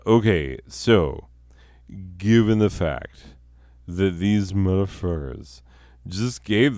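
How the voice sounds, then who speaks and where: A man with a very deep, unhurried voice rambles through a profane comedic monologue, laughing at his own jokes. His tone is sarcastic and meandering, and his voice sounds smooth and clear. The recording is dry and close. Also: a little mellow, no room sound. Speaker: podcast host.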